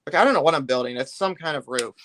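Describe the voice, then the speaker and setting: A man's voice: fairly high pitch, animated, quick pace, fairly bright tone, slight background noise. A man chatting casually on a live stream while building a brick set, rambling loosely and often trailing off mid-thought.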